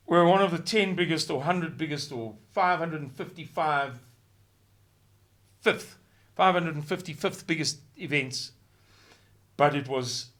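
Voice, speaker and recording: Man from South Africa, video commentator, bright and slightly high voice, rhetorical and impassioned, drops to a hush then flares up. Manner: impassioned, swinging from near-whisper to shouting; rhetorical, repeating words for emphasis.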